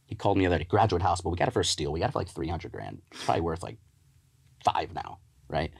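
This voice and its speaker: Deep-voiced fast-talking man telling stories. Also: big pitch swings, vocal fry, breathy edge. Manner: boisterous, storytelling, laughs often. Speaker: real estate agent. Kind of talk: casual podcast chat.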